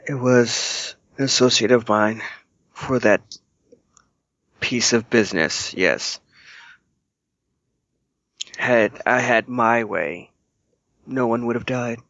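A man playing a tabletop game, speaking in character in a slow, measured, composed way. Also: mid-range voice, fairly bright tone, dry recording, muffled recording. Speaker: player. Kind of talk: in-character role-play.

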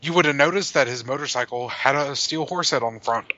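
A man's voice: medium pitch, fast talker, sharp tone. A man playing a tabletop game in a playful, drawling way, laughing often, on a dull lo-fi recording. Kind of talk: casual tabletop game chat with put-on Southern voice.

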